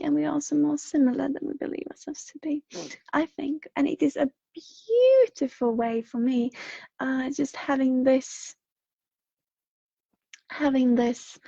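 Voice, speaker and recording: A woman with a Swedish accent speaking on a livestream, slightly unwell, talking gently and rambling with many fillers and soft laughs. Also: high-pitched, vocal fry, no room sound, lo-fi sound. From Sweden. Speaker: intuitive reader on a livestream. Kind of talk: livestream message reading and chat. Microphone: home streaming microphone.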